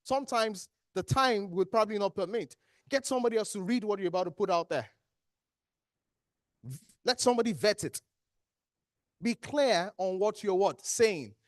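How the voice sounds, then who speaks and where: A Nigerian-accented trainer leads an interactive workshop, speaking at medium pitch and a moderate pace with long pauses. The trainer animatedly quizzes the training-hall audience, answering the questions as well. The studio-quality recording has no echo.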